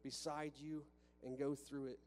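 A man's voice: a little high, level tone, a little slow, darkish tone. A man preaching a sermon to a congregation in a church, talking conversationally with restarts and rhetorical questions. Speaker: pastor. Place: church sanctuary with a balcony. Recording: long reverb from a church hall with faint hum.

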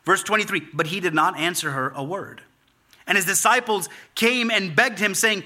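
A man delivers a sermon from the pulpit in a high, strikingly bright voice. He hammers his points home through repetition and rising emphasis. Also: normal speed. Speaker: pastor.

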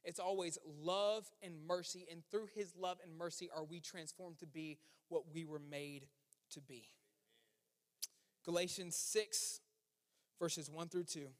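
A pastor preaching a sermon, building to emphatic peaks and falling to hushed endings. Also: male voice, sits high, a little slow. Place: church sanctuary. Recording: long reverb of a church hall.

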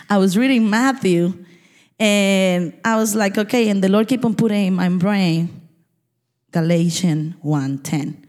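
A woman pastor giving a lively, conversational sermon, laughing often as she preaches. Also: medium pitch, measured pace. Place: church sanctuary. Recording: church hall reverb.

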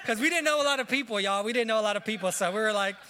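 A man's voice: high-pitched, very fast, bright, forceful tone. A man giving an emotional farewell tribute in church, declaring blessings and holding back tears. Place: church sanctuary.

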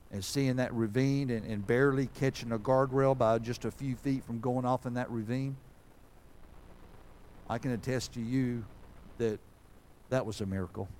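A man's voice: medium pitch, a little mellow, slight background noise. A man, a pastor giving a folksy, conversational sermon that builds to fervent preaching.

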